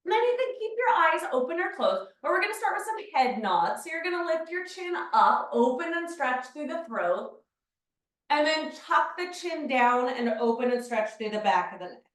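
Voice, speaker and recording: A woman teaching a beginner Pilates class, calmly talking the listener through each movement step by step. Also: sits high, normal speed. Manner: calm step-by-step movement cues. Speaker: Pilates instructor. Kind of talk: guided exercise class. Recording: very echoey room, mic far off.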